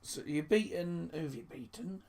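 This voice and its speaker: A man's voice: on the high side, normal speed, creaky, a little mellow. Rambling young Englishman hosting a stream. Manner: rambling, stumbles and repeats words. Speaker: live stream host. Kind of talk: casual live-stream chat.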